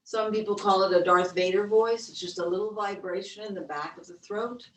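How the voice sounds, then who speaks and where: A woman yoga instructor leading a webcast breathing class, with slow, gentle counted cues. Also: mid-range voice, fairly even intonation. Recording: roomy, distant webcast audio.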